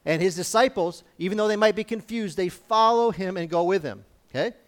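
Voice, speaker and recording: A man's voice: sits high, brisk. A man preaching in a conversational Bible-teaching style, informal and often checking in with his listeners.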